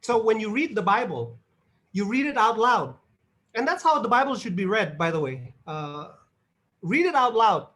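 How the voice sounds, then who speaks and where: High, animated man giving advice. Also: moderate pace. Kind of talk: casual advice in a group call.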